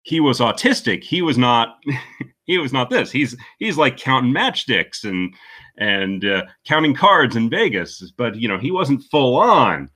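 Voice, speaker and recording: A man co-hosting a podcast in casual chat, laughing often and dropping quick asides. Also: medium pitch, very animated, pushed and bright. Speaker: podcast co-host.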